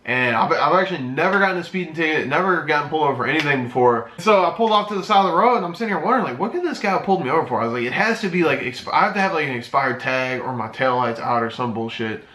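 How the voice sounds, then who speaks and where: Young male YouTuber, bright and fairly high, rambling and swearing, roomy echo. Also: rapid-fire, hardly any pauses. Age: 20s. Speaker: YouTuber and streamer. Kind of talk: casual story time.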